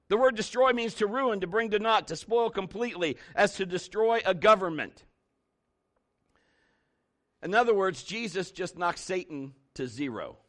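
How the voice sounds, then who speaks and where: A man preaching from the pulpit in a high, bright voice. He is emphatic and animated, repeating his points and acting out stories for his church. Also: moderate pace. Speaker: pastor. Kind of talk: sermon.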